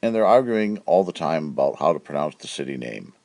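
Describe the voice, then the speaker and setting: A man with a very low voice hosts a cartoon comedy show. His pitch swings widely as he punches through jokes. The delivery is brash and playful. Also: big pitch swings, a little fast, a little mellow. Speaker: comedy host. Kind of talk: joke-telling comedy monologue.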